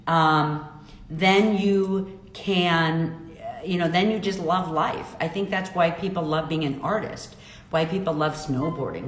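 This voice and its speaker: Brief: middle-aged woman, lowish voice, bubbly livestream host, roomy echo and faint hiss. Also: slow. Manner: chatty, bubbly, exclaims at comments. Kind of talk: casual live chat reading viewer comments. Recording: echoey room with faint noise.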